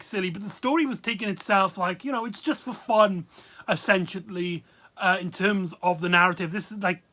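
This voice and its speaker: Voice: mid-range voice, bright, forceful tone. A video reviewer, talking casually and rambling with many fillers and asides. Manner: rambling, full of fillers and laughs.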